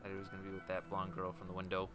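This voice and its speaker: A man's voice: sits low, monotone, music in the background. Playful young man streaming a game. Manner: playful, jokey, quick asides. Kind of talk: live game commentary.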